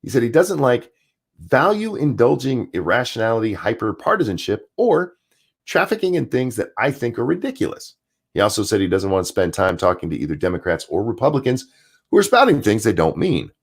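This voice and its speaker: A man's voice: mid-range voice, sing-song, fairly quick, husky. A man hosting a live stream, reading news articles aloud and ranting about them with sarcasm and profanity.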